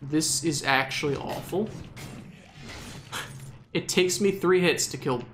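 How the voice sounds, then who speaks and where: Young Southern man, rambling jokey gameplay commentary, slightly high voice. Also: slow, slight background noise. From Southern United States. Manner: joking, exasperated, rambling.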